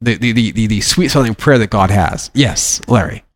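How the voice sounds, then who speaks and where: A man's voice: on the low side, animated, moderate pace. Middle-aged man teaching scripture informally. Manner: conversational, repeats words and restarts, acts out plaintive prayers. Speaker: teacher of a congregation.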